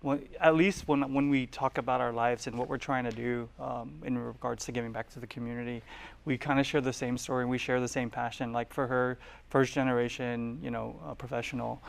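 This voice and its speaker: Halting young male studio guest. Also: mid-range voice, little pitch movement, gravelly. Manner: halting, laughs at himself. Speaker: guest, political candidate. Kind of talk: casual interview answers.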